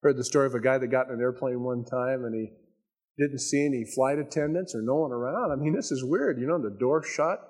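A man preaching a sermon in a conversational, storytelling way, slowing down to stress his key points. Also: mid-range voice, a little mellow, husky. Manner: conversational storytelling, folksy asides; emphatic, slows down on key points. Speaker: pastor.

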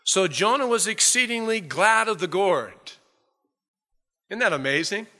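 A male preacher delivers a sermon in a bright, forceful voice. He tells the story with animated energy and breaks into acted-out scenes. A long hall reverb hangs on every phrase. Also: high voice, measured pace.

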